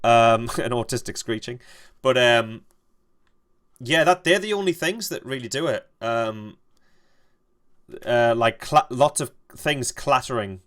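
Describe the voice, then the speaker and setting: A young man streaming a game, telling a rambling, halting story and swearing freely. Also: medium pitch, fairly bright tone. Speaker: gaming streamer. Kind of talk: casual storytelling while playing.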